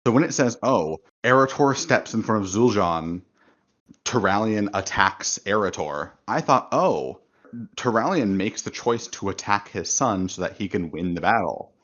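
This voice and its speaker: A man talking through his thoughts on a casual podcast, thoughtful and explanatory. His voice sits fairly low. The recording sounds dull and lo-fi. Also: expressive, normal speed, fairly bright tone. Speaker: podcast co-host. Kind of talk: casual chat.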